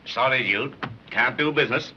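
A man's voice: medium pitch, normal speed, sharp tone. A man playing a sarcastic police commissioner who mocks a gangster, on a dull 1930s film soundtrack with hiss. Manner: dry, mocking.

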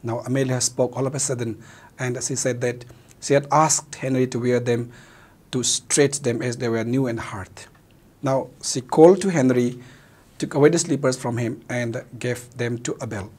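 Man, Manipuri accent, Meitei-English mix, teacher explaining a play, husky voice, mid pitch. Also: fairly even intonation, normal speed, darkish tone. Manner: mixes Meitei and English, glosses words. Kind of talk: explaining a play in a recorded lesson.

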